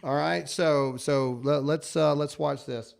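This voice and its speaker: A man with a slightly high voice hosts a casual talk show. He speaks emphatically, pleads with viewers and stumbles over repeated words as he goes. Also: fairly even intonation, slow pace, vocal fry, a crowd in the background. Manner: emphatic, pleading, repetitive stammers. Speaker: show host.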